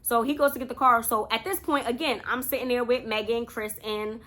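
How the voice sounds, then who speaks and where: A woman's voice: fairly high pitch, steady tone, brisk, a bit bright. A young woman telling a casual storytime to her viewers, chatty and talking straight to them. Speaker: vlogger.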